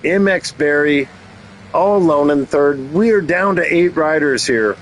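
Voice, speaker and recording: A man commentating a race, taking his time over every call and slipping in teasing jokes. His voice sits a touch higher than most men's. A faint hum of noise runs underneath. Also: measured pace, low-quality recording. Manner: jokey, teasing asides between race calls. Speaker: race commentator and channel host. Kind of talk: playful play-by-play commentary.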